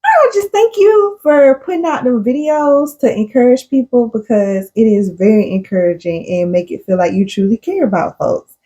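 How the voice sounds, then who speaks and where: A woman's voice: fairly high pitch, animated, moderate pace, mellow. A woman co-hosting a casual chat podcast, talking earnestly and effusively and laughing often. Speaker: podcast co-host.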